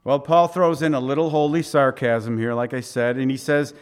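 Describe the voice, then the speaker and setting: A man's voice: mid-range voice, steady tone, normal speed, few pauses, smooth. A man preaching a verse-by-verse sermon, conversational and emphatic, with off-hand asides and touches of sarcasm. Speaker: pastor. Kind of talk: expository sermon.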